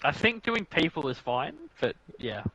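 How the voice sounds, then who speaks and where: A man's voice: fairly high pitch, sing-song, normal speed, lo-fi sound, over a noisy crowd. Laid-back Australian man saying "mate". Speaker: stream co-host. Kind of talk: casual chat over racing commentary.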